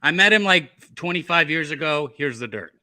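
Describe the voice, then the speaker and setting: A man's voice: a little high, expressive, fairly quick, over a noisy crowd. A man co-hosting a podcast, chatting and teasing with crude humor. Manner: joking, crude banter. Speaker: podcast co-host. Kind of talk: casual chat.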